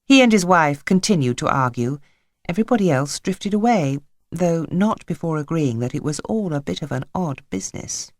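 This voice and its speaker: A woman narrating a children's novel in an expressive, wry manner. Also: low voice, normal speed, no echo, studio quality. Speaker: audiobook narrator. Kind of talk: scripted narration.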